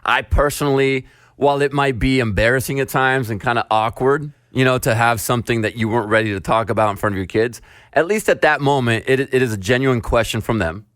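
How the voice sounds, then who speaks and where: A man's voice: mid-range voice, a little fast, no room sound, clean studio sound. A man co-hosting a casual parenting podcast, telling stories with energy. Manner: animated storyteller who acts out the voices. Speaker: podcast co-host.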